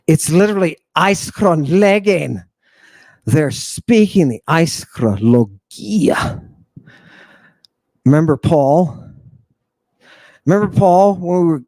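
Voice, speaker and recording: A man giving a theatrical, teasing lecture to a live audience, swinging between hushed asides and sudden shouts. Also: on the high side, slow, long pauses, no room sound.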